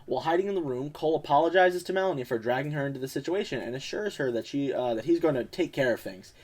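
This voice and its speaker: A man's voice: medium pitch, lively intonation, darkish tone. Rambling young man recapping a movie. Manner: rambling, lots of fillers and quick quoted impressions. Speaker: podcast co-host. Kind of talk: casual movie review chat.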